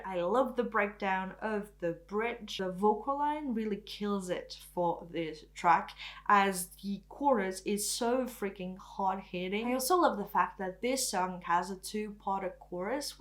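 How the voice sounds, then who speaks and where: A woman whose first language is French, giving a casual, enthusiastic album review in a chatty way. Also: a little high. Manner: enthusiastic, chatty, often says "freaking". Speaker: K-pop reviewer.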